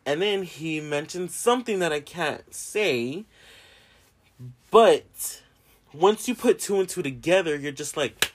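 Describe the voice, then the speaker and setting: A man casually telling a personal story to his viewers, animated and profane, with plenty of laughs and fillers. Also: a little high, takes it slowly.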